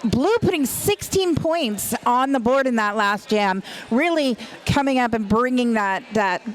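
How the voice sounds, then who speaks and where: A woman's voice: fairly high pitch, animated, unhurried, slight background noise. A woman announcing a roller derby game live, chatty and playful, laughing often between calls. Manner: chatty, giggly, playful banter. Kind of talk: live play-by-play commentary.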